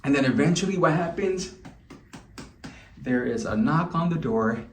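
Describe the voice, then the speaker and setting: A man's voice: a little high, animated, normal speed, soft background music. Chatty man telling a story in a roomy space. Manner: candid and chatty, with loose restarts. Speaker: vlogger. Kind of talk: casual storytelling to camera. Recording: roomy echo.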